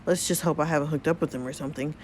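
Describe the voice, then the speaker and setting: A woman's voice: low voice, fairly even intonation, very fast, background noise, natural voice. A woman voicing a cocky, sarcastic young man in a story game, cheeky in tone.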